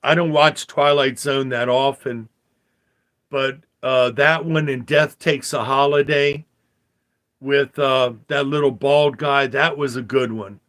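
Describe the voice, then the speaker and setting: An older man giving a rambling religious commentary monologue, talking slowly with fillers and repeated phrases. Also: medium pitch, steady tone, a bit bright. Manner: slow, meandering talk with fillers and repeated phrases. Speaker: vlogger.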